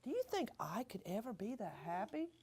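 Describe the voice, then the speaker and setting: A woman's voice: on the high side, sing-song, fairly quick, a little mellow, husky, pitched below the performer's own voice. A woman voicing a young male bird who does not know what he is, with a wide-eyed, plaintive storybook voice. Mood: wondering.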